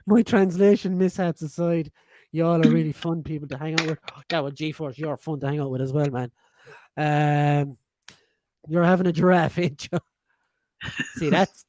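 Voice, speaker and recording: A mellow, warm-toned man with a slightly raised pitch, co-hosting a rowdy livestream chat. He reads out viewer comments, jokes crudely and laughs a lot, and his voice sounds close and dry. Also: no room sound. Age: 40s. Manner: laughing often, crude joking. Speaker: podcast co-host reading chat comments. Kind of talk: casual livestream banter.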